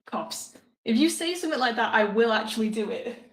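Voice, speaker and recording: A woman with a fairly high voice chats her way through a cooking stream, rambling and giggling as she talks to her viewers. She wanders around the kitchen, so a phone mic catches her in an echoey room, sometimes from a little farther off. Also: lively intonation, brisk. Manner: chatty, giggly, rambling asides to chat. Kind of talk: casual live-stream chat while cooking. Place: home kitchen. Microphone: phone mic, moving around away from it.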